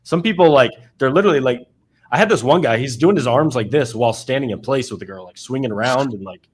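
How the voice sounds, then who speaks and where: A man on a panel talking in a relaxed way and telling anecdotes about coaching clients. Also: mid-range voice, quick pace, husky. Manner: laid-back, tells anecdotes. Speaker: panel guest. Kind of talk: casual panel talk.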